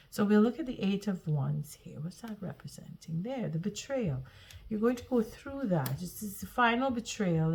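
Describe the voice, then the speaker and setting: A woman's voice: mid-range voice, a little mellow. Woman, tarot reader, earnest, reassuring, repeats herself, restarts phrases. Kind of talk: tarot reading to camera.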